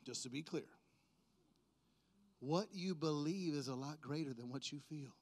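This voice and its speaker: A man preaching a sermon, swinging from quiet talk to loud, drawn-out proclaiming, with playful jokes to the congregation. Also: a little high.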